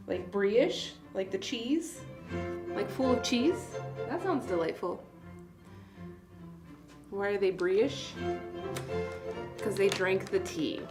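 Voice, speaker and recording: A woman hosting a casual tea livestream, chatty and self-deprecating, laughing at her own jokes. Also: medium pitch. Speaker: tea seller hosting a live stream. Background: soft classical music.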